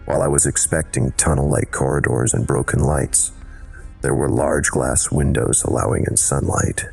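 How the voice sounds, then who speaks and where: Deep gravelly horror narrator man. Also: little pitch movement, a little mellow, soft background music. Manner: measured, dramatic storytelling. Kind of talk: scripted narration.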